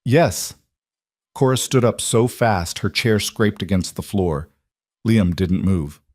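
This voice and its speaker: Male storyteller: low pitch, steady and measured, dry close recording. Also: no room sound. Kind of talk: scripted narration.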